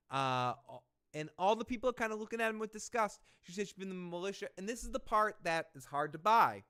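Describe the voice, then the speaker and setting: A man's voice: high voice, lively intonation, fast, bright, forceful tone. A man hosting a casual show recap, rambling and swearing as he retells scenes. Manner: rambling, profane, retells scenes with quoted lines. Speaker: podcast host.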